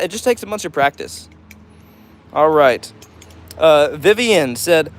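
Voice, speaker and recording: Chatty male streamer, slightly high voice. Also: lively intonation, a little slow. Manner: chatty and upbeat, many fillers like "all right". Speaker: livestream host. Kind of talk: casual livestream chat, reading out comments.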